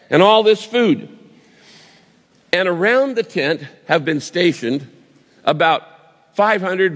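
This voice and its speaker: A male pastor delivers a sermon as vivid storytelling, breaking off and restarting as he builds the scene. His voice sits fairly high for a man, and long reverb trails each phrase as in a large hall.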